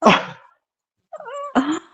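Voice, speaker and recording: A woman's voice: very high-pitched, sing-song, extremely slow, fairly bright tone, low-quality recording. A middle-aged woman hosting a livestream, chatting casually and laughing often as she answers viewers. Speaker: livestream host. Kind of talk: casual chat. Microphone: streaming setup.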